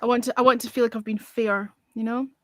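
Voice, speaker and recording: A chatty woman hosts a music review livestream and mutters to herself as she searches for things. Her voice sits a touch high, and the sound is dry and close. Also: flat delivery, fast, no echo. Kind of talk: casual chat.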